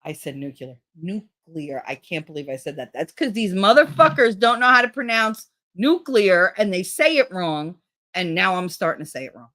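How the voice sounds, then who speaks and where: A woman's voice: medium pitch, very animated, moderate pace, a bit bright. A middle-aged woman hosting a stream, chatting casually with her viewers in a blunt, profane way and laughing often. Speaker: livestream host. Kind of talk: casual chat with live chat.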